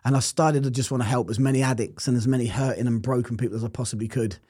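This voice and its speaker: A man's voice: mid-range voice, steady tone, fast, darkish tone, breathy edge, no room sound, clean studio sound. A man telling his personal testimony in an interview, earnest and reflective. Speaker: interview guest.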